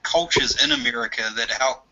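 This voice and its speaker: A man's voice: medium pitch, fairly quick, pushed and bright, muffled recording. A man chatting casually in an online group hangout, joking and teasing. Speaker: hangout participant.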